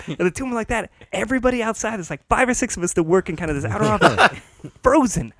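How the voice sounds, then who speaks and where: A man on a comedy podcast telling a long story with lively energy and laughing at his own punchlines. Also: sits high, fast, dry recording, clean studio sound. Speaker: podcast co-host. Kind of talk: casual storytelling.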